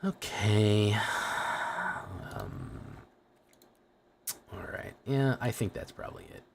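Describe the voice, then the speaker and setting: A young man streaming a card game live, joking around and chatting excitedly with his viewers. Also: deep voice, a little slow, gravelly, a little hiss or hum. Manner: excitable, joking, talks to chat. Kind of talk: casual live-stream commentary while playing a card game.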